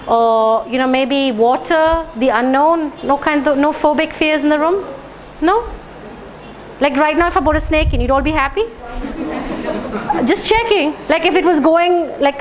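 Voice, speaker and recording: A woman's voice: high voice, slight background noise, low-quality recording. A woman speaking to a live audience, asking them questions and leading them through guided tapping phrases. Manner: engaging, asks the audience questions. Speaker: speaker leading a health talk. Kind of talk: public talk to a live audience. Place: lecture room with an audience.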